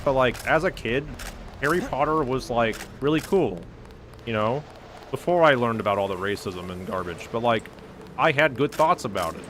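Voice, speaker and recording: Male streamer, mid-pitched, swearing rants, faint noise behind. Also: a bit bright. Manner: profane, ranting, heavy use of "like". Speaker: game streamer. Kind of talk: casual gaming stream rant.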